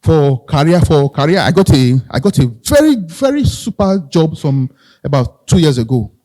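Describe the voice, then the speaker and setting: A man's voice: a little high, big pitch swings, normal speed, warm tone. A man with a Nigerian accent giving a live motivational talk, conversational, repeating phrases and asking the audience questions. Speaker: motivational speaker.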